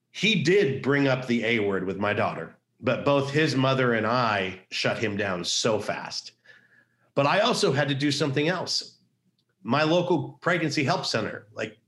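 A man's voice: mid-range voice, a bit bright. A middle-aged man, an activist guest on a podcast, telling a personal story in an earnest, emphatic way and repeating key phrases. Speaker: pro-life activist guest.

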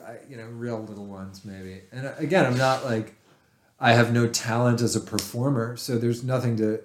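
A man's voice: medium pitch, fairly even intonation, normal speed, a little hiss or hum. A man, a writer talking as a podcast guest, rambling and swearing in a self-deprecating way. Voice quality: nerdy voice. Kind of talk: casual chat.

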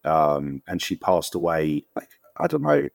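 A deep-voiced man with a London accent tells anecdotes on an interview podcast. He speaks casually and animatedly, slipping into quoted voices. The sound is dry and close. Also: a little slow, creaky, dry recording. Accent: London English. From England. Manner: animated storyteller, acts out quotes with jumps in pitch. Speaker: guest actor.

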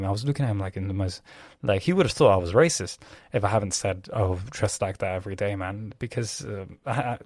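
A man's voice: lowish voice, no echo, studio quality. A young man talking casually on his own, rambling and correcting himself, swearing often. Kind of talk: casual monologue.

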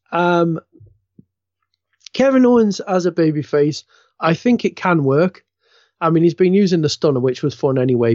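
A man's voice: on the high side, darkish tone, no echo, highs cut off. A man co-hosting a wrestling podcast, chatting with stumbling restarts and laughing at his own jokes. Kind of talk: casual chat.

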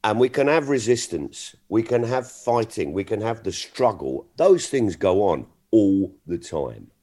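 A man's voice: lowish voice, a little slow. A middle-aged man, a comedian, telling stories in casual chat and acting out the exchanges he quotes. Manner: animated, frequent restarts, acts out quoted exchanges. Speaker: comedian guest.

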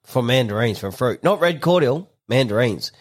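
A man's voice: medium pitch, expressive, moderate pace. A man with an Australian accent chatting as a podcast co-host, laid-back and dry. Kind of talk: casual chat.

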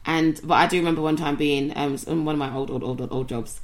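A young woman, co-hosting a casual podcast chat and telling rambling, animated stories. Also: low-pitched, fast. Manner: chatty, rambling, animated storytelling. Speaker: podcast co-host.

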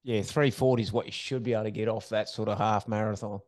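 A man, a marathon expert guest giving calm advice in chat. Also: lowish voice. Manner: measured, advising. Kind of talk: casual advice in conversation.

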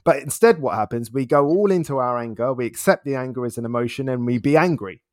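A man's voice: mid-range voice, fast, no room sound, studio quality. A man as an interview guest, talking in a reflective, casual way, laughing often and repeating words as he thinks.

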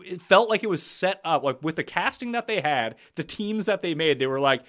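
A man's voice: fairly high pitch, expressive, brisk, few pauses, fairly bright tone. A man hosting a podcast, chatting casually and bluntly about a reality show. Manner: blunt, opinionated. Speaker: podcast host.

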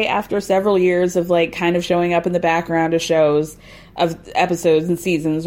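A woman casually recapping a TV reunion, sarcastic, with frequent laughs and animated asides. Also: medium pitch. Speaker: podcast host recapping a TV reunion.

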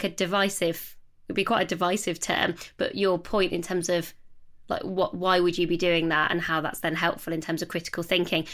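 A woman's voice: fairly low pitch, a bit bright. A woman in her thirties co-hosting a casual book chat, thinking aloud and restarting her sentences. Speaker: podcast co-host. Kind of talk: casual chat about books.

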